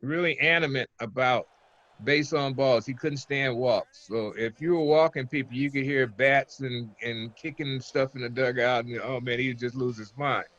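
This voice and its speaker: Older man guest, relaxed rambling storyteller, dry close mic, muffled lo-fi sound. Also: mid-range voice, normal speed, dry recording. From Oakland, California. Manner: relaxed, rambling, chuckles between stories. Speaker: interview guest, former pitcher. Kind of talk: casual interview storytelling.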